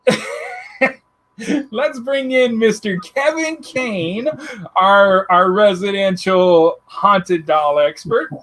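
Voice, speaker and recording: Man, radio show host, casual joking chat, slow unhurried delivery, pitch that swings widely. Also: big pitch swings, a bit bright. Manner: joking, laughs often.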